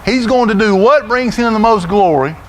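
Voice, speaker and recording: A middle-aged man with a Southern US accent preaching a sermon in a church, folksy and loud, often repeating his words as he goes. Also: high-pitched, moderate pace, slight background noise. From Florida, USA. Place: church sanctuary.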